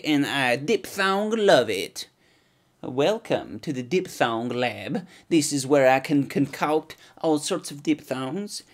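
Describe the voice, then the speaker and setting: A man doing a pompous, self-satisfied male inventor. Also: a little high. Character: pompous male inventor giving a fake testimonial.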